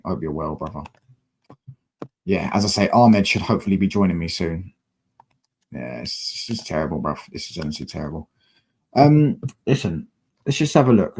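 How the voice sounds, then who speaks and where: A man's voice: sits low, a little mellow, breathy edge. A young man, a football fan streamer, frustrated and slangy, swearing as he talks to his chat from a desk mic at home. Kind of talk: live-stream fan rant.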